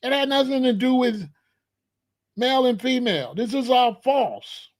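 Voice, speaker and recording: A man speaks in a fairly high voice. He argues his point emphatically in casual commentary, throwing out rhetorical questions and hammering key words again and again. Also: lively intonation, unhurried. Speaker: commentary host.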